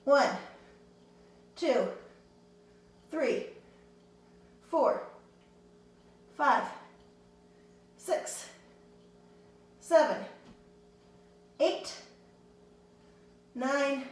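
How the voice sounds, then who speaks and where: A woman's voice: high-pitched, lively intonation, extremely slow, long pauses, very echoey, far from the mic, low-quality recording. A woman teaching a handstand class, encouraging her students and counting reps aloud, a little out of breath. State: slightly out of breath. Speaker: handstand instructor. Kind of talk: fitness class instruction.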